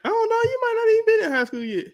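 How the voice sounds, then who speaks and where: A young man co-hosting a podcast in casual chat, an animated storyteller who acts out voices and laughs a lot. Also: very high-pitched, racing, dull audio. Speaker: podcast co-host.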